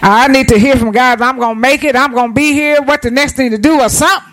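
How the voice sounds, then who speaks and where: A woman's voice: sits high, fast, a bit bright, rough recording. A woman preaches to her congregation in a church. Her delivery is plain-spoken and homey, and she keeps drawing call-and-response from the pews. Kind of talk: sermon.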